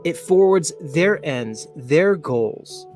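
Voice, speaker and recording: A man's voice: a little high, lively intonation, takes it slowly, darkish tone, soft background music. Rambling forty-something male host. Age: 40s. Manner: rambling, laughs often, many fillers. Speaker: show host. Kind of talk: casual live show chat.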